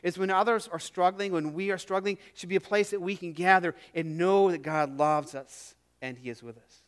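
A middle-aged man preaching a sermon as pastor, earnest and emphatic, dropping to a hush on key phrases and repeating words as he goes. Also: high voice, moderate pace, smooth.

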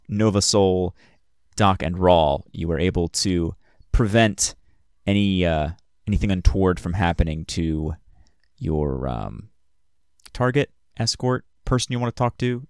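A man running a tabletop game as game master, recapping the story in a hesitant way with many pauses and fillers. His voice is low and smooth, and the recording is close and dry. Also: dry recording.

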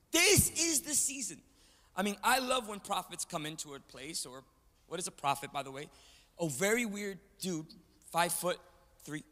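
High bright joking preacher man. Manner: joking, call-and-response with the crowd. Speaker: guest preacher. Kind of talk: energetic sermon. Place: church sanctuary, large indoor. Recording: reverberant church hall.

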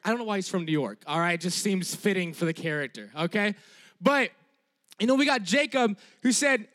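High-voiced animated male preacher. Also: normal speed. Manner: animated, tags sentences with "all right?"; emphatic, repeats key phrases. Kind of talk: sermon.

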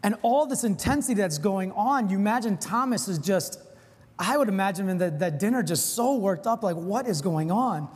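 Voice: mid-range voice, lively intonation, moderate pace, darkish tone, slightly rough. A preacher giving an informal, earnest sermon, with frequent casual asides. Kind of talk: conversational sermon. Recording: long hall reverb.

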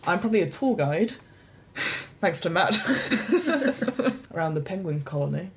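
Woman, lowish voice, casually explaining game rules, faint hiss behind. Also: sing-song, a little slow. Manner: explaining with many restarts. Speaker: game organiser. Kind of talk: casual tabletop game chat.

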